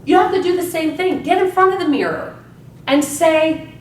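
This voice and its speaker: A woman with a very high voice addresses a live audience at a motivational seminar, speaking at normal speed. She's emphatic and full of energy, frequently adding "right?". The recording has room echo, a far-off mic and a faint hum.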